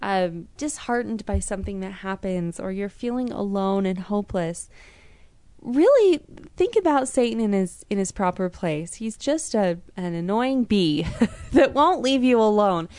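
A woman delivers a devotional story in an earnest, chatty manner, often restarting her phrases. Her voice is smooth and clear, sitting at a medium pitch. The close mic gives a dry sound with no room echo. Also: expressive, unhurried, darkish tone. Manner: earnest, conversational, with frequent restarts. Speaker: devotional podcast host.

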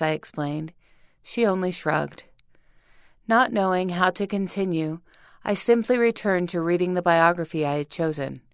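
Smooth-voiced woman reading a story. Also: lowish voice, no echo, studio quality. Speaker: reader. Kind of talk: scripted narration of a first-person story.

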